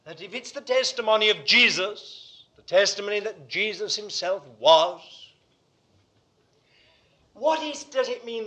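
Fired-up preacher guy, high bright voice, goes from quiet to booming, pitch all over the place. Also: animated, measured pace. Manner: fervent, swinging from hushed asides to loud emphatic declarations. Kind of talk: sermon. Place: room with a congregation.

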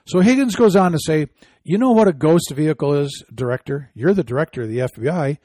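A man's voice: on the high side, lively intonation, brisk, dark tone, dry recording, clean studio sound. A man hosting an opinion commentary show, reading quotes aloud and answering them with indignant, scoffing remarks.

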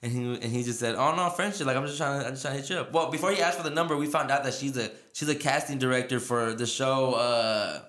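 A man's voice: medium pitch, fast, few pauses, fairly bright tone. A man hosting a podcast, telling a rambling story in casual chat, laughing and full of fillers. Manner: rambling, laughing, lots of filler and quoted dialogue. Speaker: podcast host. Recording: echoey room.

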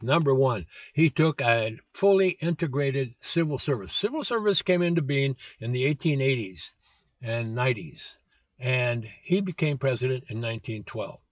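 A man's voice: medium pitch, no echo. A man in his seventies hosting a political commentary show, blunt and scornful, with lots of "uh" fillers. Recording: dull lo-fi dry recording.

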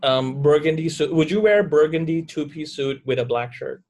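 A man co-hosting a casual podcast, his voice sitting a little high. He rambles and riffs on jokey scenarios, dropping swear words as he goes. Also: normal speed, a little mellow. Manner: rambling, joking, swears freely. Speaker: podcast co-host. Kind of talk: casual chat.

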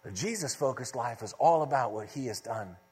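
A man's voice: mid-range voice, lively intonation, moderate pace, darkish tone, slightly rough. A male pastor preaching a sermon in a conversational, storytelling way. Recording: long reverb of a large hall.

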